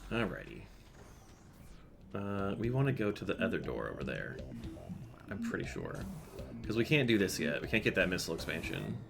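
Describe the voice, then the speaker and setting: Male streamer, low voice, chatty and muttering, game music loud behind. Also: sing-song, moderate pace, creaky, pauses often. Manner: chatty, reads chat aloud, mutters to himself. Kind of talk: casual gameplay commentary.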